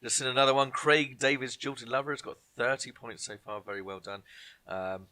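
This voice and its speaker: A man's voice: medium pitch, steady tone, brisk, bright, forceful tone. A man hosting an online pub quiz, reading each question twice and dropping jokey asides to viewers. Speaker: quiz host.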